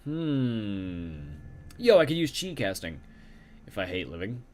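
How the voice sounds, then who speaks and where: A man playing through a story-driven video game, reading its text aloud at an even pace. Between passages he mutters casual comments to himself in his ordinary speaking voice. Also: fairly low pitch, slow pace. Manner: reads narration steadily, mutters casual comments. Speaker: let's play gamer.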